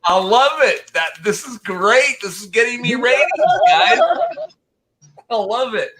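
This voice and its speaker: A man's voice: very high-pitched, measured pace, a crowd in the background, poor audio. A man hosting a live stream in casual chat, reading out viewer requests and laughing often.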